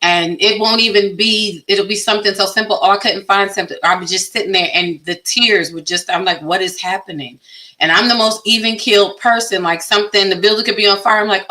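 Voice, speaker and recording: Middle-aged woman, bright forceful voice, acts out what she was thinking, laughs at herself a lot. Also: mid-range voice, fairly quick, poor audio. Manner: animated storyteller, acts out her own inner voice. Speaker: panel guest. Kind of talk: candid panel conversation.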